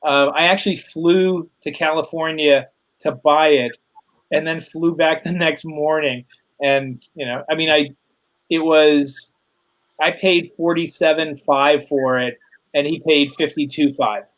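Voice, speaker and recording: Middle-aged male guest, fairly high voice; rambling anecdote teller on a video call. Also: steady tone, unhurried, a bit bright, low-quality recording. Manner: rambling anecdotes with fillers and laughs. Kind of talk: casual storytelling chat.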